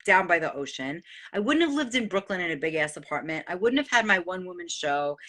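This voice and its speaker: A middle-aged woman from New gives an excitable, profane motivational monologue as the host. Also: medium pitch. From New York. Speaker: host sharing life advice.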